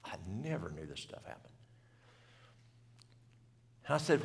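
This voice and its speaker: A man's voice: on the low side, big pitch swings, measured pace, gravelly, long pauses, in a large hall. A man, telling a story in a folksy, country way at a church event and asking the audience questions. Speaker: health speaker. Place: church hall.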